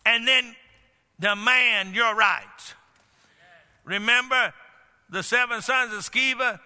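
A man's voice: very high-pitched, slow, sharp tone. A man preaching a sermon as pastor, emphatic and storytelling. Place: church sanctuary. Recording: long church-hall reverb.

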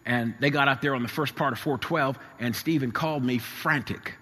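A man's voice: medium pitch, moderate pace, bright, forceful tone. A middle-aged man preaching a sermon, telling a personal story in an earnest, emphatic way that repeats and stacks his phrases. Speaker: pastor. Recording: long hall reverb.

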